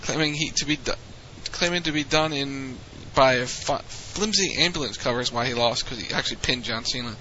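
Brief: rambling, chatty male co-host, very bright and forceful tone, lo-fi dull recording. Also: mid-range voice, a little fast, hardly any pauses, slight background noise. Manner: rambling, chatty, with frequent restarts. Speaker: podcast co-host recapping wrestling. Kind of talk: casual recap chat.

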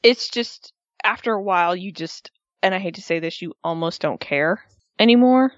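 Woman gushing about wrestling, animated, dull dry recording. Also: moderate pace, no echo. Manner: expressive, acts out quotes in high voices. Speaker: podcast co-host. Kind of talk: casual wrestling recap chat.

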